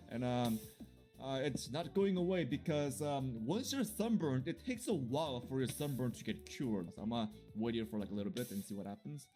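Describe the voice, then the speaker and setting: Excitable, joking man playing a game. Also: medium pitch, moderate pace, faint music behind. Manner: excitable and jokey, laughs often. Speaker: gaming video creator. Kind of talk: gameplay commentary.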